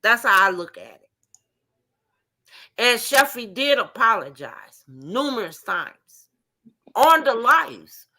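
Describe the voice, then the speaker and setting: A woman with a high, ringing voice makes her case in a heated live stream debate. She talks with emphatic passion, sprinkled with profanity, pressing her point over and over. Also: very animated, slow, long pauses, bright, forceful tone.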